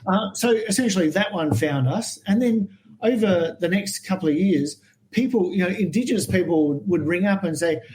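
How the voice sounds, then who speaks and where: Australian man, lively storytelling. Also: high-pitched, normal speed, low-quality recording. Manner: animated anecdotal storyteller, acts out quoted voices. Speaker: guest herpetologist. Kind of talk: storytelling in a podcast interview.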